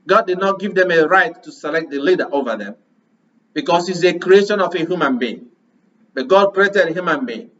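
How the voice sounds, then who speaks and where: A man preaches with a high voice, hammering his congregation with rhetorical questions. He sounds set back from the microphone, and the recording is dull and muffled. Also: lively intonation, moderate pace, fairly bright tone, far from the mic. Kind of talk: sermon.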